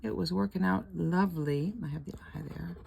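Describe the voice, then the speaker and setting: A woman's voice: fairly low pitch, brisk, vocal fry, darkish tone, slight background noise. An older woman chatting casually at home while scratching lottery tickets, rambling, laughing often and murmuring letters half under her breath.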